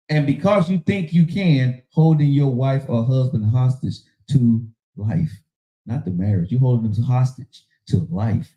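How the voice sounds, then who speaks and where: A man's voice: medium pitch, warm tone, reverberant, poor audio. A man hosting a casual relationship talk show, preaching in an emphatic, slangy way. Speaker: podcast host.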